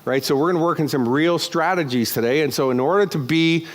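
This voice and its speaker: A man giving a live motivational keynote speech on a conference stage, energetic and joking, with crude asides. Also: fairly high pitch, fast. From United States. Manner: energetic, jokey, crude asides, acts out characters. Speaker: motivational speaker.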